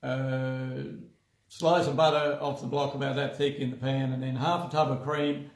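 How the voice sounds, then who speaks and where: A man's voice: medium pitch, flat delivery, normal speed. A man in a casual health chat, easygoing and repeating words as he starts. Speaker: wellness centre co-host. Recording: echoey room.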